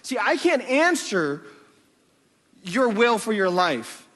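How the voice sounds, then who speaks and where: Male pastor, high lively voice, storytelling sermon, long reverb from a large church hall. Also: slow. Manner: storytelling, animated, repeats words, calls "amen?".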